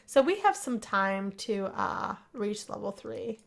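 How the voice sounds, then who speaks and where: A woman giving chatty, excitable commentary as she plays a life-simulation game, gasping and gushing over what happens. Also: medium pitch, slow, creaky. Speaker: gameplay narrator. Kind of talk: casual let's play commentary.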